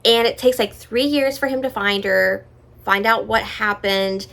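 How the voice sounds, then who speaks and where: A woman casually chatting on her vlog about books she plans to read, full of "like" and "you know", dropping into soft, quiet asides. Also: medium pitch, measured pace, creaky. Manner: chatty, filler-heavy, drops into soft asides. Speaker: book vlogger. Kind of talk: casual book chat.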